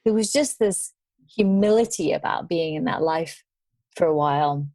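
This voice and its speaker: Lower-pitched woman telling travel stories. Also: moderate pace, no room sound. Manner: animated, laughs while telling stories. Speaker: podcast guest. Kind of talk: storytelling in casual conversation.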